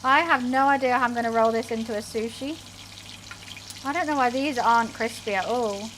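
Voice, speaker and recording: A woman streams herself cooking in her home kitchen, chatting casually and self-deprecatingly with her chat. Her voice is a little high, a bit bright, and brisk. Faint sizzling from frying can be heard behind her.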